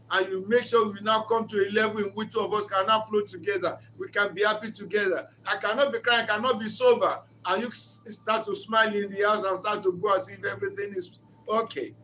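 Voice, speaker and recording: A man's voice: high voice, pushed and bright, slight background noise. A man giving an earnest, preacher-like reflective talk on marriage, mixing in story retellings. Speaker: speaker of a reflection channel.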